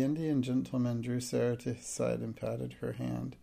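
Man, audiobook narration, gravelly voice, dark mellow tone. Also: mid-range voice, flat delivery, normal speed.

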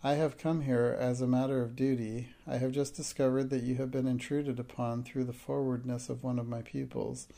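A man's voice: medium pitch, flat delivery, moderate pace, gravelly, few pauses, warm tone, lightly acted. A man voicing a stern, rigidly polite woman headmistress who speaks coldly and formally. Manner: cold, formal and indignant.

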